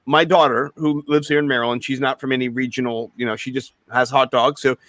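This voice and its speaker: A middle-aged man co-hosting a casual sports podcast, talking in an animated, rambling way with many restarts. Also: medium pitch, brisk, no room sound. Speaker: podcast co-host.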